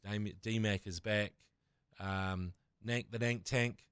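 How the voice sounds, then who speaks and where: Low-voiced New sports fan, man. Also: fairly even intonation, slow pace, a bit bright, clear, resonant tone, dry recording, clean studio sound. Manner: enthusiastic, laughing, fan talk. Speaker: podcast co-host. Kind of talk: casual sports podcast banter.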